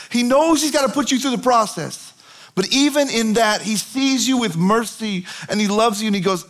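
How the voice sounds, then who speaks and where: High-voiced, animated preacher man. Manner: animated storytelling, conversational. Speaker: pastor. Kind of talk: sermon.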